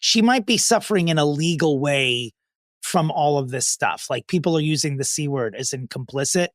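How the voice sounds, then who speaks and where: Young male podcast co-host, slightly high voice, dry close mic, wry and profane. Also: expressive, moderate pace, a bit bright, dry recording. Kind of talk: casual comedic chat.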